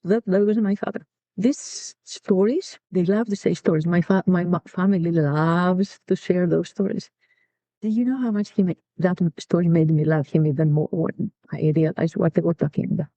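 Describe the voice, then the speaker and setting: A woman's voice: lowish voice, moderate pace, warm tone, no echo. A middle-aged woman from Greece, telling family stories in an interview, reflective and repeating words as she searches for them. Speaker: podcast guest and co-founder. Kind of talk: personal storytelling in an interview. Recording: dull lo-fi dry recording.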